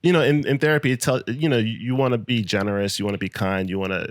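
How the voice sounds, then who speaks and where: A man's voice: medium pitch, fast talker. A man in his thirties, a comedian guest telling stories on a podcast in casual chat, laughing often as he talks.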